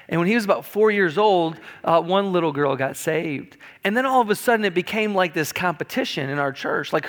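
High-voiced preaching man in a reverberant hall. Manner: conversational, animated storytelling preaching. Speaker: pastor. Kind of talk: sermon. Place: church sanctuary. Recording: long reverb of a church hall.

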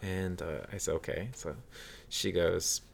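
Animated storytelling man, lowish voice. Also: unhurried, creaky. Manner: animated storyteller, acts out quotes in raised voices. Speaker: podcast host telling a story. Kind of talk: casual storytelling chat.

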